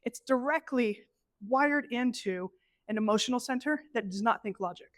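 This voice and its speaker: A middle-aged woman presenting a live workshop, animated and conversational, acting out inner voices as she teaches. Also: on the high side, moderate pace, no room sound. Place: event space with an audience.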